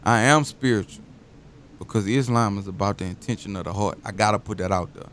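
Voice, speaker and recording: A man talking casually as a guest, telling loose, animated stories full of slang. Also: on the low side, a little fast, slight background noise. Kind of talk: casual interview talk.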